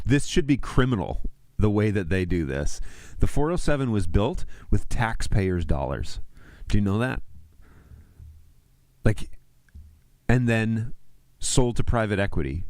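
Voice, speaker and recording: A man's voice: lowish voice, dry recording. A man hosting a casual livestream, ranting and chatting with viewers. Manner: ranting, animated, talks to chat. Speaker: livestream host.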